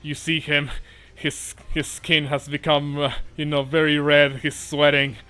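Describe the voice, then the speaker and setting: Bright-voiced man running a tabletop game. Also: fairly high pitch, little pitch movement, unhurried, clean tone. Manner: casual, swears often, many fillers. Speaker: dungeon master.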